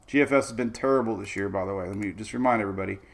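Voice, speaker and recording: A man's voice: lowish voice, very fast. A man hosting a casual weather talk, walking loosely through forecast maps with playful asides and plenty of fillers. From Florida. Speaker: weather host.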